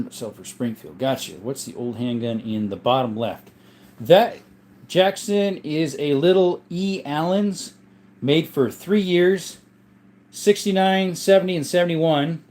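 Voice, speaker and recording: A man with a slightly high, darkish voice hosts a relaxed livestream from a home room containing his gun collection. He reads viewers' comments aloud and rambles easily in reply, his voice strained and worn.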